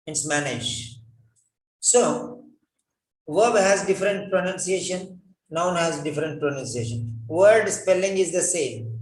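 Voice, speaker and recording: Slow, high-voiced man spelling out words. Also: expressive, distant mic. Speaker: English speaking teacher. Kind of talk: spoken English lesson. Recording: echoey room, voice from off-mic.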